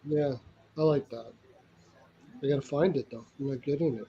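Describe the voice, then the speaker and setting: A man's voice: medium pitch, moderate pace, dark tone, dull audio, slight background noise. A man joining a live betting stream as a guest, talking casually with short, easygoing replies.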